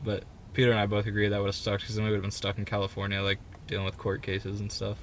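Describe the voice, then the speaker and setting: A man's voice: fairly low pitch, fast, slight background noise. A young man co-hosting a podcast, telling a story in casual chat and acting out the people in it. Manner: animated, quotes people in raised voices. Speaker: podcast co-host.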